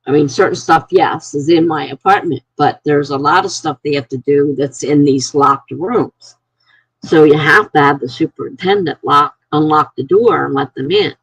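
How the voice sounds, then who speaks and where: Gravelly, husky woman chatting. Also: sits low, normal speed, no echo, low-quality recording. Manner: rambling, animated storytelling. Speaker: live-stream host. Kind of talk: casual chat with viewers.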